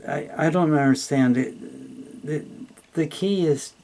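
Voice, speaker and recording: A man's voice: a little high, takes it slowly, gravelly, dark tone. A man tutoring English, reading a text aloud and explaining it in a patient, plainspoken way with frequent fillers.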